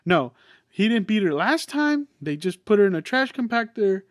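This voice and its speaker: A man with a fairly high voice talks through a movie review in an excitable, loose way. He swears freely and stumbles over restarts. The sound is close and dry, with no room echo. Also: normal speed. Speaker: podcast host reviewing a film. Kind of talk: casual spoken movie review.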